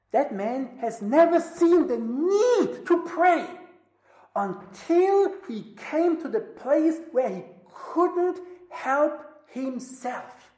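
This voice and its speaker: A woman preaching a sermon, swinging between loud emphasis and near-whispers. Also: high-pitched, sing-song, drawn-out words. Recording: roomy echo.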